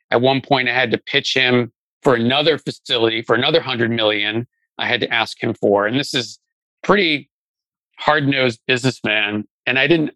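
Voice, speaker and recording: A middle-aged man recounts his working life as an interview guest, loose and conversational, often restarting his sentences. His tone is bright and pushing forward, at an ordinary middle pitch. The sound is dry, with almost no room around it. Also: no room sound, low-quality recording. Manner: conversational, many fillers and restarts. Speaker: guest, venture investor. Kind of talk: casual storytelling interview.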